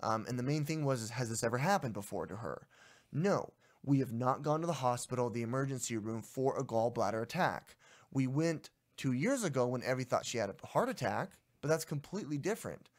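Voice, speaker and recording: A man's voice: medium pitch, animated, a little fast. A young adult man co-hosting a casual podcast, telling a story in an exasperated, ranting way. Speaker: podcast co-host.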